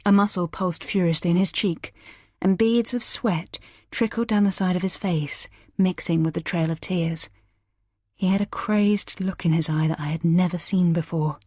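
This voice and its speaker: A woman's voice: on the low side, moderate pace, husky, no room sound, studio quality. A woman narrating a first-person thriller audiobook in a tense, dramatic manner. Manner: tense, dramatic, shouting in character lines.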